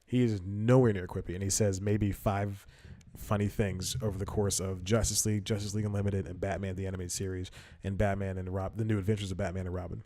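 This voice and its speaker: A man's voice: sits low, level tone, fast talker, few pauses, mellow, no room sound. A young man hosting a comedy podcast, rambling through casual commentary, correcting himself and laughing often. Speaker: podcast host.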